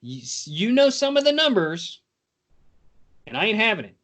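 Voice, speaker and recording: A man's voice: high-pitched, sing-song, normal speed, fairly bright tone. A male podcast host chatting casually, with a joking, rambling delivery. He wanders off topic and back while explaining the rules of a game to his guests.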